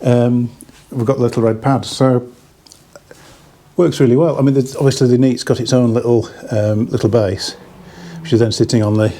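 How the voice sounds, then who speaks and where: A man's voice: medium pitch, dark tone. A man giving a casual, rambling hi-fi product review, slightly out of breath, with many restarts.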